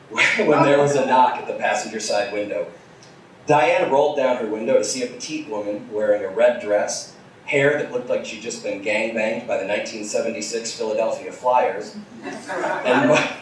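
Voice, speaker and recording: A man doing a comic live reading of fan fiction on stage, a deadpan storyteller with crude asides. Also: mid-range voice, a little hiss or hum. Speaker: comedy reader. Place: small theater with audience. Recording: distant, echoey live theater recording.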